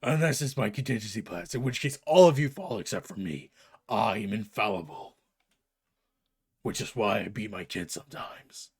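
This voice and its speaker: A man voicing a gruff, brooding male vigilante in a low gravelly deadpan. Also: normal speed. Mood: grim.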